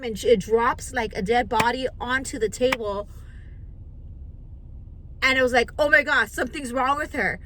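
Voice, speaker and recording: A middle-aged woman tells a personal story straight to camera. Her voice is bright and fairly high, and she keeps restarting her sentences as she acts out the dialogue in an animated way. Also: slight background noise, rough recording. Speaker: vlogger.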